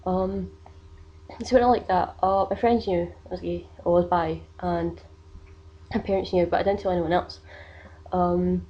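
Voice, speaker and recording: A woman's voice: lowish voice, steady tone, normal speed, pauses often, lo-fi sound. A young woman, telling a personal story in a casual vlog, rambling with many fillers. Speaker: vlogger.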